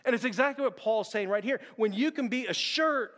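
High-voiced preacher in a reverberant hall. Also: male voice, brisk, fairly bright tone. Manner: earnest, repeats words, addresses the church directly. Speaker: pastor. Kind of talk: sermon. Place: church sanctuary.

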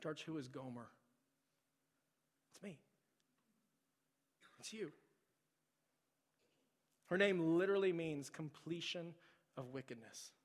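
Male pastor, higher-pitched, passionate sermon in a church with long reverb. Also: animated, takes it slowly, long pauses. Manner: swings from loud, urgent preaching to hushed near-whispers. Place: church sanctuary.

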